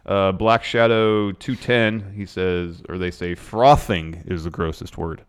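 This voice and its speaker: A man's voice: low-pitched, fairly even intonation, a little slow, smooth. A man co-hosting a casual wrestling podcast, reading listener comments in a dry, laid-back way. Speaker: podcast co-host.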